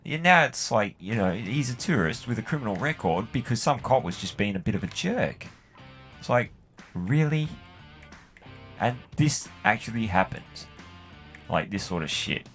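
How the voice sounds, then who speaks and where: An Australian man with a fairly low voice chats while he games. He rambles and swears freely and fills his talk with "like" and "you know". His tone stays loose and offhand. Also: expressive, moderate pace, fairly bright tone, soft background music. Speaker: gaming channel host. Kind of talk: casual storytelling while playing a game.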